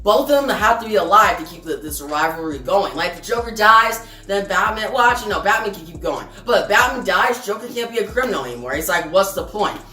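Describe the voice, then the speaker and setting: A woman talks through a comic issue in a loose, chatty way, often turning to her viewers. Her voice sits at an everyday pitch and sounds a little distant from the mic in a roomy space, with faint music underneath. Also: expressive, fast, hardly any pauses, pushed and bright. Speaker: comic book reviewer. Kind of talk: casual spoken review.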